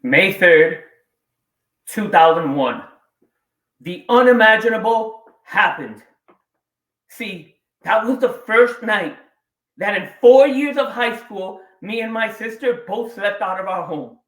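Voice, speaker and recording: A man in his forties giving a keynote talk on stage, telling a personal story with dramatic pauses and sudden swings between quiet and loud. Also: high-pitched, lively intonation. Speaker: keynote speaker. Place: large event room or hall. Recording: echoey hall, voice a bit distant.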